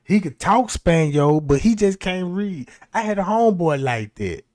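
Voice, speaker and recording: Man streamer, high voice, casual profane storytelling, loose and rambling. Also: lively intonation, normal speed, a little mellow. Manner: rambling, profane, laughs often.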